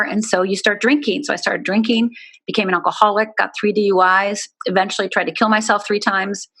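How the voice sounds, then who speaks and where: A woman's voice: mid-range voice, a bit bright. A middle-aged woman speaks as an interview guest, telling her own story. She is candid and earnest, and she leans on "you know" as she talks.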